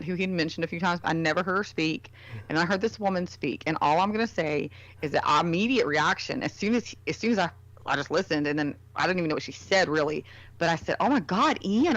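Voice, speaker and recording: A woman's voice: low-pitched, fairly bright tone, no echo, muffled recording. Chatty woman telling stories. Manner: chatty storytelling with lots of fillers. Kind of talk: casual chat.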